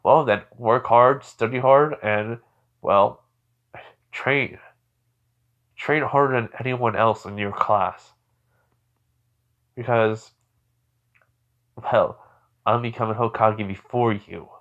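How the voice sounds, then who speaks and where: A man's voice: mid-range voice, fairly even intonation, slow pace, long pauses, lightly acted. A man voicing a brash, cocky young male ninja who lectures bluntly, in a fan story. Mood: lecturing. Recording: dull lo-fi recording.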